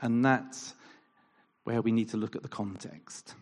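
A man preaching a sermon in an animated style, firing off rhetorical questions and acting out quoted lines. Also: lowish voice, unhurried. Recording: long reverb of a large hall.

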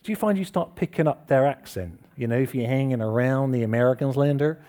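Warm and medium-pitched, this man's voice has lively intonation and a quick pace. He's preaching a casual sermon to a church hall congregation, tossing them questions and making self-deprecating jokes.

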